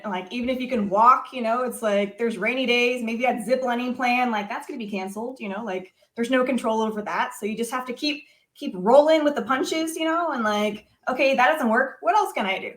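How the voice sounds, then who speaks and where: A young woman chats as an interview guest, her voice sitting a little high and her stories spilling out with plenty of ums and you-knows. The room around her rings with a noticeable echo. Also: a little fast. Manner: animated, many fillers like "um" and "you know". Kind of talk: casual interview storytelling. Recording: echoey room.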